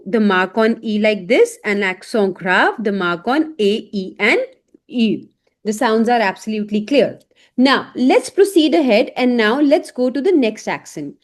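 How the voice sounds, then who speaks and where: A woman teaching an online French lesson in English, speaking slowly and saying each example word several times. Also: a little high, a little mellow.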